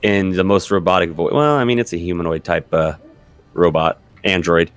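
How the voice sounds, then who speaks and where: Deep-voiced man running a tabletop game. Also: normal speed, smooth, no room sound, faint music behind. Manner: easygoing, thinks aloud with fillers. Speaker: game master.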